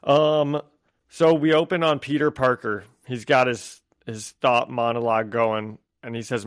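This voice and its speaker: A man's voice: medium pitch, steady tone, unhurried, smooth, no echo, studio quality. A man co-hosting a podcast, recapping comic scenes at length with frequent laughter. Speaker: podcast co-host. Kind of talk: casual comic book discussion.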